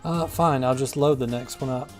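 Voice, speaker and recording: Gaming host, male, mid-pitched, wry and self-mocking, faint music underneath. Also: steady tone, moderate pace, darkish tone. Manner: wry, self-deprecating, rambling. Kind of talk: casual gameplay commentary.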